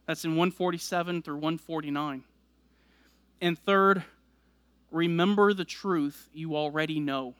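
A man's voice: a little high, measured pace, long pauses, a bit bright, dry recording. A man preaching a sermon, explaining scripture verse by verse and building emphasis as he goes. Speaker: pastor.

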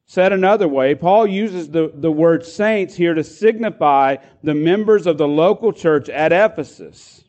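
A man's voice: a little high, measured pace, hardly any pauses, a little mellow, dull audio. A man preaching as a pastor, explaining a passage with frequent restarts and repeated words. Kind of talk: sermon.

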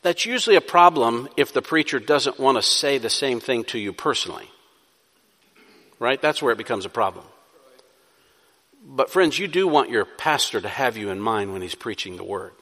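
A man's voice: mid-range voice, fairly bright tone. A man preaching a sermon, building to emphatic peaks and then easing back into a conversational tone. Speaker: pastor. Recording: long reverb of a hall.

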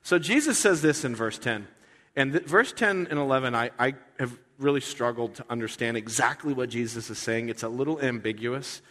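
A man's voice: mid-range voice, fairly quick, a bit bright, in a large hall. A man preaching a sermon in a conversational, earnest way, often restarting his sentences. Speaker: pastor.

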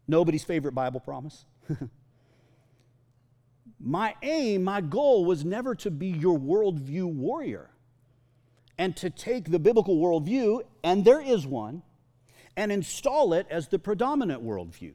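A man's voice: high voice, very animated, normal speed, mellow. A male pastor giving a sermon in a church hall, talking conversationally and often repeating words as he goes.

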